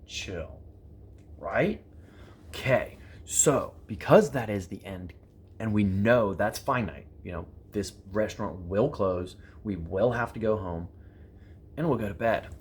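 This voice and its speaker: A man in his thirties telling motivational stories to his viewers, animated and profane, acting out the people in his stories. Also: fairly low pitch, a little hiss or hum. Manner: animated, acts out quoted exchanges, profane, repeats phrases for emphasis. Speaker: prepper vlogger. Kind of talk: motivational storytelling to camera.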